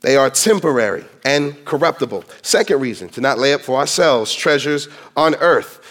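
A man's voice: mid-range voice, expressive, moderate pace, a bit bright. A man preaching a sermon to his congregation, emphatic and quoting scripture in dramatic voices. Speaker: pastor.

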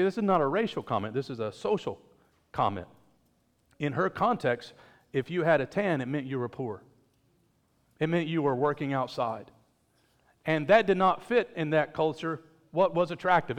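A man's voice: a little high, lively intonation, moderate pace. Man preaching in a reverberant church. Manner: conversational preaching with joking asides. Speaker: pastor. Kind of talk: sermon. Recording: long reverb of a church hall.

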